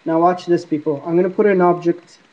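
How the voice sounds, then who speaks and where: Brisk and a little mellow, a man with a voice on the high side and fairly even intonation rambles casually on camera for a paranormal app vlog, responding to spirits that can't be seen. It was captured on an iPod camera mic, with dull lo-fi quality.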